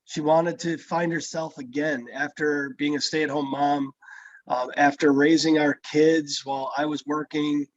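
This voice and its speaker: A middle-aged man hosting a video call, relaxed and reflective, pausing often with "um". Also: on the high side, no echo, muffled recording. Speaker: host. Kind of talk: casual chat on a video call.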